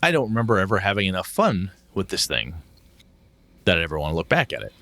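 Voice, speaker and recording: A man's voice: sits low, sing-song, fast talker, pushed and bright, dry recording. A middle-aged man co-hosting a podcast in casual chat, blunt and emotional, swearing freely. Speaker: podcast co-host.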